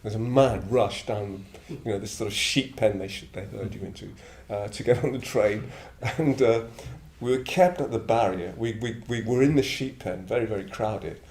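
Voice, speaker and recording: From Middlesbrough in northern England, this Buddhist order member in his seventies shares reflective stories that are blunt, digressive, and punctuated with chuckles. He has a fairly low, slightly mellow voice and a moderate pace with hardly any pauses, heard in an echoey room with faint background ambience.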